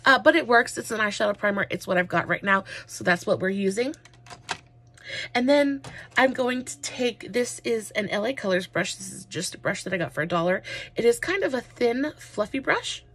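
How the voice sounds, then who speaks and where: A woman talks her way through a makeup tutorial, gushing and wandering with plenty of fillers. Her voice sits at a middle pitch with a husky edge to it. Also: expressive, normal speed, a bit bright. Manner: rambling, many fillers, gushing. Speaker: makeup vlogger.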